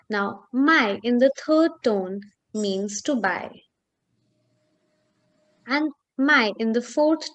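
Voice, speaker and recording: A woman walks a student through a Chinese lesson, speaking slowly and carefully. Her voice sits a bit high, and she pauses often with small fillers as she explains. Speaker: Chinese tutor. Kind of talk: online language lesson.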